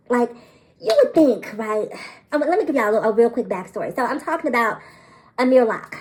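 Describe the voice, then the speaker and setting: A woman vlogger talking straight to camera in an animated, incredulous way, repeating phrases for emphasis and laughing in disbelief. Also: fairly high pitch, fairly quick, rough recording. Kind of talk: direct-to-camera commentary.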